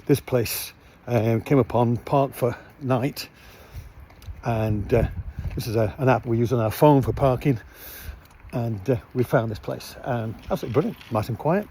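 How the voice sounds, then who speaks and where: A man's voice: mid-range voice, normal speed, slight background noise. A man vlogging casually outdoors at night by his van, rambling with lots of fillers. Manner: rambling, relaxed, many fillers. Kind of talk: casual vlog narration.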